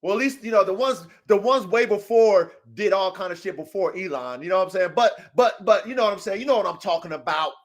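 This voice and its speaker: A man's voice: sits high, expressive, fast, hardly any pauses. A man hosting a live-streamed dog-breeding podcast, talking in an emphatic, profane, preachy way. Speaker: podcast host. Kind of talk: casual podcast discussion. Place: home studio on a live stream.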